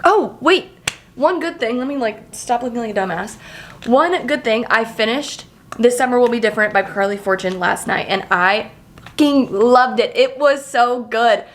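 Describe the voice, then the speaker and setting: A young woman rambling cheerfully to her camera in a casual vlog. Her talk is loose and excitable, packed with fillers and easy swearing, and she sits at a middle pitch for a woman. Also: slight background noise. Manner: chatty, swears freely, filler-heavy, excitable. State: emotional, near tears. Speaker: vlogger.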